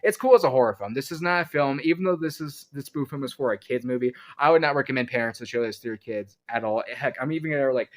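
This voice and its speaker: A young man in his twenties talks through a review in a loose, chatty way, wandering off on tangents as he goes. His voice sits at an ordinary middle pitch for a man, and he speaks from his own room at home. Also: quick pace, few pauses, low-quality recording. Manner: rambling and chatty, trailing off into tangents. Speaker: YouTube reviewer. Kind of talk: casual spoken review.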